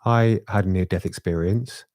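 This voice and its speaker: A middle-aged man, co-hosting a podcast and telling an animated story with laughs and swearing. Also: deep voice, moderate pace, dry recording, clean studio sound. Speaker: podcast co-host. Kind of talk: casual chat, storytelling.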